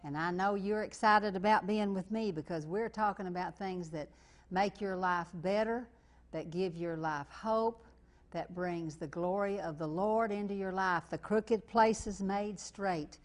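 Fervent Kentucky woman preacher. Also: medium pitch. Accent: Eastern Kentucky. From Eastern Kentucky. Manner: fervent, building to loud declarations; slow emphatic repetition. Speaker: televangelist. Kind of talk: preaching and fundraising appeal.

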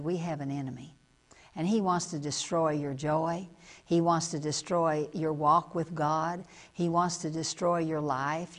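Folksy woman TV preacher. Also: medium pitch. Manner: folksy, emphatic, repeats phrases for stress. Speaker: TV preacher, program host. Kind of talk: televised sermon.

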